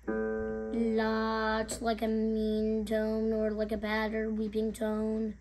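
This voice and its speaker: A young woman giving a home video music lesson, explaining note names slowly with halting pauses and singing them. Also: a little high, completely flat delivery, darkish tone. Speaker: music teacher.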